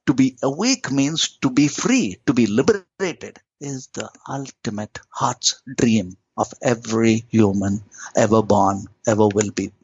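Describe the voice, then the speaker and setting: A man teaching spirituality as a podcast guest, in lyrical, emphatic phrases with big swoops of pitch. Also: measured pace, a little mellow, breathy edge, dry recording. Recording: dull lo-fi audio.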